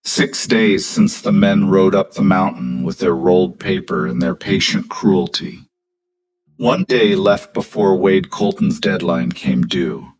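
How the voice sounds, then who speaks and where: A man narrating a scripted story in a measured, steady way. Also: low voice, poor audio.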